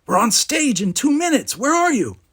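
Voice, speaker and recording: A man voicing Geordi, an earnest, anxious young male cadet, his voice lifted high and loud for the urgent lines. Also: moderate pace, breathy edge, exaggerated voice. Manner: raising pitch and volume for excited lines.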